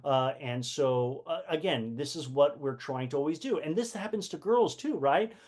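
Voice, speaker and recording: A man with a fairly high voice talks casually to a live audience about books. He asks the listeners rhetorical questions and often restarts his sentences with fillers. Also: lively intonation, normal speed, darkish tone. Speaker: host of a community book session. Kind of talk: casual live-stream talk.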